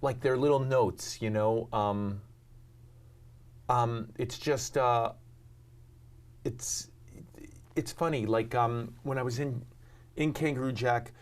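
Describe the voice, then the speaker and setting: A man's voice: medium pitch, fairly even intonation, takes it slowly, long pauses. Rambling self-deprecating man. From New York. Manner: rambling, self-deprecating, many ums and restarts. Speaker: actor and talk show host, guest. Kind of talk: casual interview chat.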